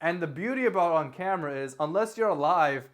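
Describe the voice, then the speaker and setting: A man's voice: fairly high pitch, fairly quick. A young man casually giving tips to the camera in a rambling, self-correcting way, gesturing with his hands as his volume rises and falls. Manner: rambling, self-correcting, lively delivery with varied loudness. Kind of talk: casual talking-head advice vlog. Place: indoor room, recording himself. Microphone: camera facing him.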